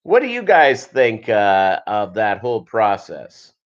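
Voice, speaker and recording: A man's voice: lowish voice, big pitch swings, takes it slowly, muffled recording. A man hosting a casual livestream chat, rambling and jokey, with lots of fillers. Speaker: show host.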